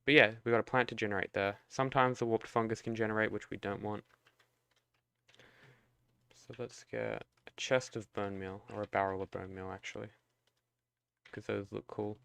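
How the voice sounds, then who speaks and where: A young man streaming a building game, thinking aloud in a relaxed, mumbly way, trailing off and swearing casually. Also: lowish voice, moderate pace, creaky, pauses often, clear, resonant tone.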